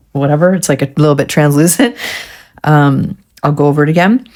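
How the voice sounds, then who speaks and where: A woman's voice: low voice, moderate pace, a little mellow. A woman vlogger chatting casually through a nail art tutorial, getting frustrated and swearing at herself.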